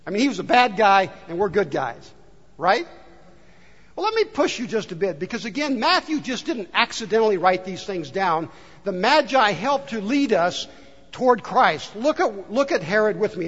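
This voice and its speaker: A man preaches to his congregation, his voice pitched high. He asks question after question in a conversational way, and the dull recording carries the long reverb of a large hall. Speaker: pastor. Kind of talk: sermon. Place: church sanctuary.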